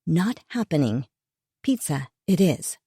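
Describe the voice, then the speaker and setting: A woman reading a first-person thriller audiobook in a measured, tense, inward storytelling manner. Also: sits low, very animated, dark tone, breathy edge, dry recording, studio quality. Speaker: audiobook narrator.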